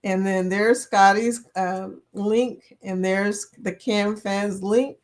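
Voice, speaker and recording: A woman's voice: medium pitch, fairly even intonation, takes it slowly. A woman in her fifties hosting a casual live chat, reading viewer comments aloud, laughing often and playful. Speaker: livestream host.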